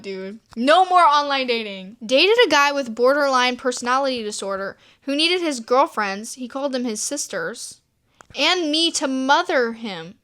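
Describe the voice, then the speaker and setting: A woman's voice: high-pitched, animated, normal speed, bright, forceful tone, no room sound. A woman vlogger reading viewer dating stories aloud and reacting, swearing freely and laughing often. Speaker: storytime vlogger.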